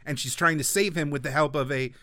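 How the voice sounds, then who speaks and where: Bright-voiced man explaining casually. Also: fairly high pitch, fast talker, no room sound, studio quality. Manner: loose, filler-heavy explaining. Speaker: podcast co-host. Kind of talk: casual film discussion.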